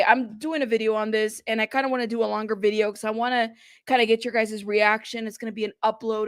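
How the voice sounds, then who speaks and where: Woman host of a casual live stream, higher voice with a gravelly fry, dry close sound, chatty and teasing with her viewers. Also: no echo. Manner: chatty, reads viewer chat aloud and gives shout-outs; playful, teasing. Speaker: livestream host.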